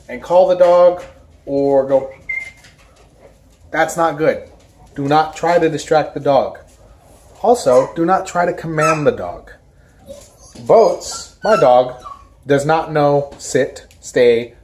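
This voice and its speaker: A woman's voice: sits low, a little hiss or hum. A woman who handles a service dog, talking to camera in an informal, emphatic way and hammering home her main points. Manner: emphatic, repeats key points; lively mimicry of careless strangers. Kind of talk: informal educational talk to camera. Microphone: camera in front of her.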